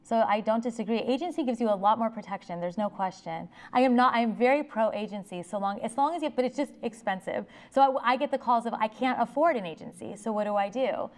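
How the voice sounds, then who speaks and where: A woman attorney giving an informal talk and taking audience questions, talking fast and restarting her sentences often. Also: fairly high pitch. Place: public library meeting room.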